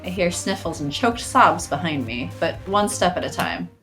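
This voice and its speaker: A woman's voice: lowish voice, animated, normal speed, a bit bright, faint music behind. A woman host reading a visual novel aloud, adding playful, jokey asides. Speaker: let's play host.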